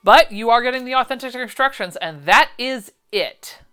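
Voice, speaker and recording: A woman hosting a casual vlog, reviewing sewing patterns in a sarcastic, exasperated, animated way. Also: a little high, moderate pace, smooth, faint music behind.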